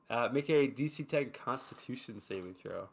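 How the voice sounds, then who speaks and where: A man running a tabletop game as its dungeon master, chatty and quick, with lots of fillers. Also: mid-range voice, vocal fry, slight background noise.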